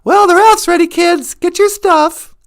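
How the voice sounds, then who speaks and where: A woman's voice: very high voice, a little slow. A woman voicing a cheerful, easygoing father calling his kids together. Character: easygoing father on a river trip.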